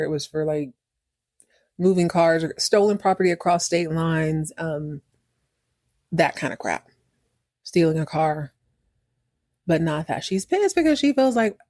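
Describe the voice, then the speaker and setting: A woman hosting a podcast, recapping a TV series in a casual, opinionated way. She acts out the characters' lines and reacts out loud. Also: lowish voice, dry recording, clean studio sound. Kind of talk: casual chat.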